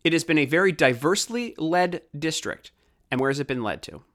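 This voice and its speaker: Male podcast host from Baltimore, heated ranting commentary, bright and sharp voice. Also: a little high, expressive, a little fast. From Baltimore, USA. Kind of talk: opinionated political commentary.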